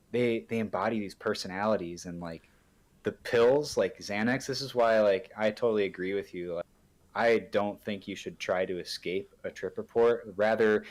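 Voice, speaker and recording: A man hosting a podcast in a laid-back, enthusiastic way, filling his talk with "like" and "dude". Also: fairly low pitch. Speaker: podcast host. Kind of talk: casual conversation.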